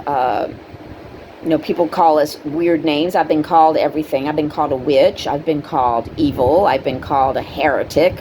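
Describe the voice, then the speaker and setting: A middle-aged woman with a lowish voice talks to the camera in an earnest, rambling way, full of "um" and "you know". A faint hiss of noise sits under her voice. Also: darkish tone, rough recording. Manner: earnest, conversational, many fillers; acts out quoted people in a high voice. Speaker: spiritual video host. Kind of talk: casual spoken monologue to camera.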